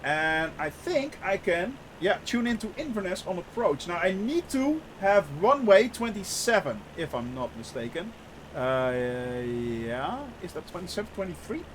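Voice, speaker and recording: Chatty man streaming with a high voice. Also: sing-song, a little slow, slight background noise. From Netherlands. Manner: chatty, laughs often, many fillers. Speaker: flight sim streamer. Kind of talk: casual live-stream commentary.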